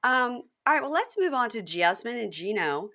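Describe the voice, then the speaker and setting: A woman's voice: on the high side, normal speed. A woman hosting a podcast, chatting casually and acting out scenes from a reality show in raised voices over a video call. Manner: animated, acts out quotes in raised voices. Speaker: podcast host.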